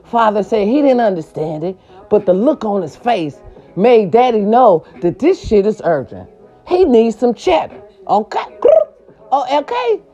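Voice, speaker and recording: A woman telling a story in a casual monologue. She talks in an animated, emphatic way, swears freely, and keeps checking in with her listeners. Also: medium pitch, unhurried, muffled recording, soft background music. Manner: animated, emphatic and profane, with frequent rhetorical check-ins.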